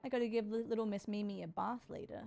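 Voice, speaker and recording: A woman's voice: mid-range voice, fairly even intonation, quick pace, creaky, mellow. Bubbly woman streamer. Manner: bubbly and playful, talks to chat. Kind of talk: casual sponsored livestream chat.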